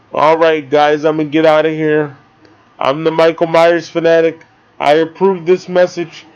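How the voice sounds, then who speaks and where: A high-voiced man rambles through a movie review at an unhurried pace, excitable and swearing freely. His voice comes through a dull, lo-fi recording. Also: smooth. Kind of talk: casual spoken movie review.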